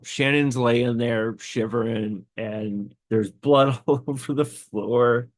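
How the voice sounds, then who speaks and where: A man's voice: mid-range voice, dry recording. A man hosting a podcast, telling a personal story in a rambling way with many fillers and restarts, tearful and choked up. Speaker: podcast host.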